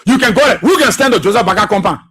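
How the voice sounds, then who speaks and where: A Liberian man hosts a radio talk show, hammering his points home with fervent repetition like a preacher. His voice sits high and sounds bright and forceful, with a husky edge. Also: animated, rapid-fire. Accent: Liberian English. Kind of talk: political commentary monologue.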